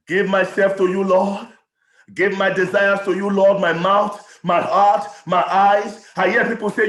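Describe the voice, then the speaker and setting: A male pastor with a Nigerian accent, preaching a passionate sermon that often rises to a shout. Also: very high-pitched, animated, normal speed. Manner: impassioned preaching, often shouting, with stammered repetitions. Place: church hall. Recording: echoey church hall.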